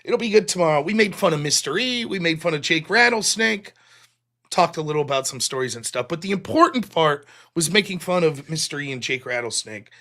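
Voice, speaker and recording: A man hosts his own live stream, rambling through his day in a loose, profane, self-mocking way. His voice sits high for a man and sounds bright and sharp. He jumps between crude jokes and half-apologies without slowing down. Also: animated. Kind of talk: casual live-stream monologue.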